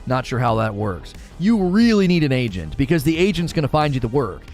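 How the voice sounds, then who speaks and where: A man in his thirties chatting casually on a livestream, talkative and lively, reading chat aloud and laughing often. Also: mid-range voice, fairly quick, faint music behind. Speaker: streamer.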